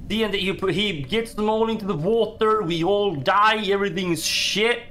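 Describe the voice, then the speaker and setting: A man giving excitable, swearing let's-play commentary while he plays a game. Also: high-pitched, normal speed, few pauses, a little hiss or hum. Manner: excitable, swears, talks to himself. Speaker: gaming streamer.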